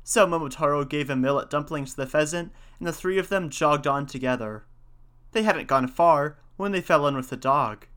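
Man, storybook narrator, folksy telling, fairly high voice, bright clear tone. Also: moderate pace. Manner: folksy, old-fashioned telling.

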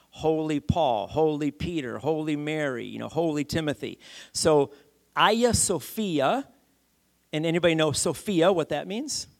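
Male pastor, sermon delivery, emphatic and repetitive, pitch a touch high. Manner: emphatic, repeats key phrases, asks the congregation questions.

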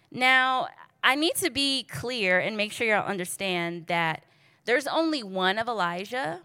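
A woman's voice: a little high, clean tone, dry recording. A woman preaching in a casual, storytelling way, joking and talking straight to her listeners. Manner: lively, joking, addresses the audience directly.

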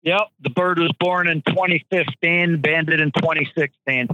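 Male guest, bright tone, relaxed and chatty. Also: on the high side, normal speed, muffled recording. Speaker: guest, shotgun expert. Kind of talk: casual podcast chat.

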